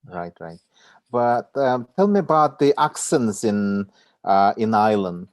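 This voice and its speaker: An interviewer who asks halting questions and gives short acknowledgements. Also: medium pitch, animated, darkish tone, no room sound.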